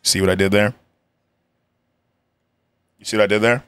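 A man's voice: lowish voice, steady tone, moderate pace, a bit bright, clean tone. A young man reacting to a video on a live stream, joking in slang and laughing often. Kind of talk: casual reaction commentary.

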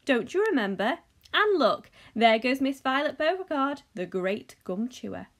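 A woman voicing a brisk, cheerful, eccentric grown man who makes chocolate, reading him from a children's novel. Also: high voice.

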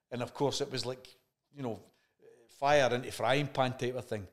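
Scottish man, gravelly voice, mid-pitched, casual chat guest, swears, acts out quotes. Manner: swears freely, acts out remembered dialogue.

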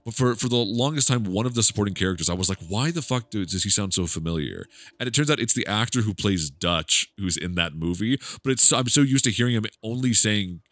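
A man's voice: lowish voice, lively intonation, fairly quick, fairly bright tone, no room sound. A man giving rambling, joking commentary while playing a video game, laughing often. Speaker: gaming YouTuber. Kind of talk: casual let's-play commentary.

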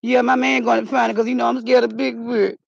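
A woman vlogging outdoors in the cold, talking in a dramatic, slangy way and shouting out calls. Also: a little high, level tone, fast, creaky, slightly rough, no echo. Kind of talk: casual outdoor vlog. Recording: dull lo-fi phone audio.

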